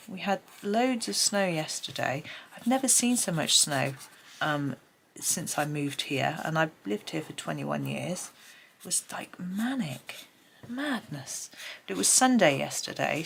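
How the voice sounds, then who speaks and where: A woman's voice: low-pitched, creaky, a little hiss or hum. A middle-aged woman with a chatty, rambling manner, talking casually at her desk while colouring. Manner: chatty, rambling, many ums. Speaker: colouring tutorial host. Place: home desk.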